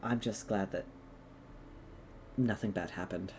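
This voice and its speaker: A woman's voice: extremely low pitch, unhurried, darkish tone, slight background noise. A woman narrating as game master, rambling with many fillers.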